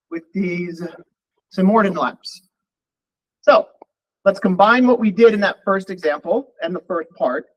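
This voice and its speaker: A man with a high-pitched voice, recorded at low quality, leads a live coding lecture for a college programming class. He thinks aloud, relaxed, while typing and running code.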